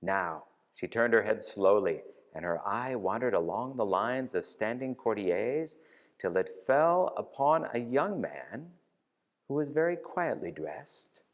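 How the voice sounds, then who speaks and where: A man leading a novena and reading a novel aloud in a church, in an expressive, unhurried way. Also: lowish voice. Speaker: parish reader leading a novena. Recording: reverberant church hall.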